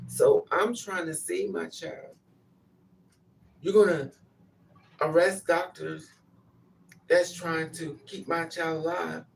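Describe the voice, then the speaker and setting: A woman's voice: low voice, fairly even intonation, slow, gravelly, long pauses, darkish tone, far from the mic, a little hiss or hum. A grieving mother giving an impassioned, repetitive spoken monologue. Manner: impassioned, repetitive, acts out pleading quotes.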